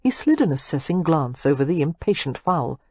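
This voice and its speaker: Brief: low, husky female audiobook narrator, animated delivery, dull dry sound. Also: no room sound. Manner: expressive, measured storytelling. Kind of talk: scripted romance narration.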